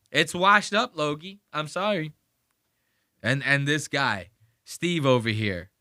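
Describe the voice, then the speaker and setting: A man's voice: a little high, bright, forceful tone, no room sound, studio quality. A man hosting a podcast, ranting and mocking in profane, casual commentary on a clip he plays. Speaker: podcast host.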